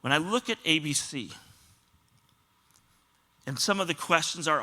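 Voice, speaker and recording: A man's voice: fairly high pitch, normal speed, pauses often, sharp tone. A man pastor giving a sermon, telling stories earnestly and often quoting other people. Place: church auditorium.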